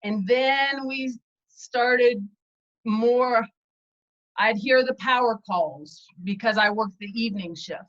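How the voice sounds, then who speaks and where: Chatty woman guest, slightly high voice. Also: slow, fairly bright tone, muffled recording. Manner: chatty, candid, self-deprecating. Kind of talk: casual storytelling interview.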